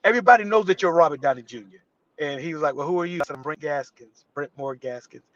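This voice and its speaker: Animated man telling a story, muffled audio. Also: fairly high pitch, fast, no room sound. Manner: animated, acts out quotes with voice shifts. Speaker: actor guest. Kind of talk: storytelling in a live interview.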